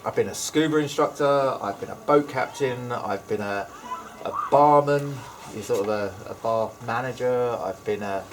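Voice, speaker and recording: A man's voice: mid-range voice, moderate pace, a little hiss or hum. A man with an Essex accent, a teacher chatting as a guest in a school library lounge, talking in a rambling, hesitant way with many restarts. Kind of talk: casual interview chat.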